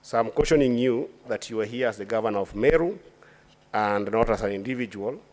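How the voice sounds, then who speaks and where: A low, darkish-toned man, serving as senator, questions a witness during a formal impeachment hearing. He is measured and legalistic, frequently breaking off to begin sentences again.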